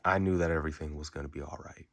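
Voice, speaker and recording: A man speaking an unscripted, emotional message while fighting back tears, halting and repeating his words and swearing casually. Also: very deep voice, steady tone. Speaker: fan recording a tribute message.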